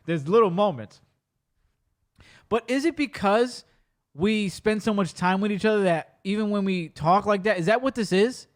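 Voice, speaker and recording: A man hosting a podcast, telling stories in a casual, animated way with rapid bursts of speech. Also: high voice. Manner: animated storyteller, rapid bursts, swears freely. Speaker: podcast host. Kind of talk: casual chat.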